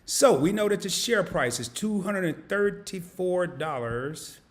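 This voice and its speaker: A man's voice: high-pitched, lively intonation, unhurried. A man hosting an investing live stream, casually walking viewers through calculations on screen, thinking aloud and correcting himself as he clicks. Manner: casual and folksy, talks to viewers as y'all. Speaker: investing channel host.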